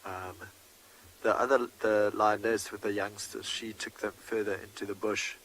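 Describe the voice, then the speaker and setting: A man's voice: fairly low pitch, little pitch movement, normal speed, a bit bright, rough recording. A man giving live safari commentary in a conversational, wry way. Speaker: safari guide.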